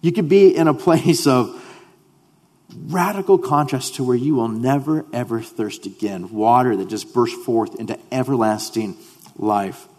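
A man preaching a sermon as a pastor. He repeats words when he restarts, and he swings between loud emphasis and hushed lines. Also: medium pitch, unhurried, in a large hall.

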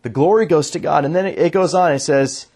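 Husky guy preaching a sermon, a bit high voiced, earnest, keeps restarting sentences. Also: darkish tone. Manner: reads scripture in a lower, slower voice, then speeds up. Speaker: pastor.

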